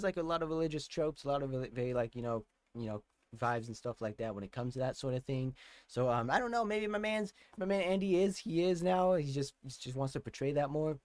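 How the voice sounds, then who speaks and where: Rambling, excitable male reaction host. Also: on the high side, no echo. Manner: rambling, lots of fillers and hedges; excitable outbursts. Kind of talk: casual reaction commentary.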